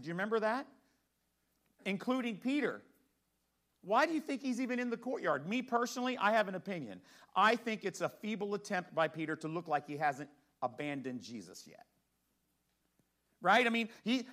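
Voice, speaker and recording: Male pastor, high voice, conversational sermon delivery with frequent rhetorical questions. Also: a bit bright.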